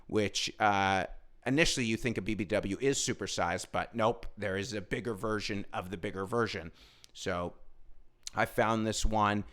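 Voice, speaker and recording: A stand-up comedian tells a rambling story in a loose, casual way, swearing freely and getting animated as he goes. His voice is smooth and crisp, with a forceful, bright edge. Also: on the low side.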